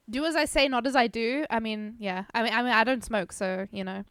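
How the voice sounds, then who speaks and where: Woman streamer, slightly high voice, loose casual chat with viewers, lots of swearing. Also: moderate pace, few pauses, fairly bright tone, smooth, no echo. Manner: chatty, swears freely, laughs often. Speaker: game streamer.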